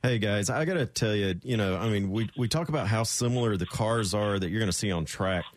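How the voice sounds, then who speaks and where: Low-voiced radio co-host telling stories. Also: male voice, a little fast, no echo. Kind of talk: casual radio chat.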